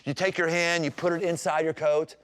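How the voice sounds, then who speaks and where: A man's voice: on the high side, little pitch movement, fairly quick, fairly bright tone, clear, resonant tone, no room sound, natural voice. A man voicing God as a grand, boastful, self-assured figure, told inside a sermon. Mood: coaxing. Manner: boastful and exuberant.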